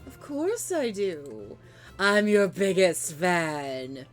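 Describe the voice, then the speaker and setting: A woman voicing an excitable, obsessive male monster superfan with an axe in a video game, gushing and stammering. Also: lowish voice, drawn-out words, faint music behind, voice pushed down, exaggerated voice.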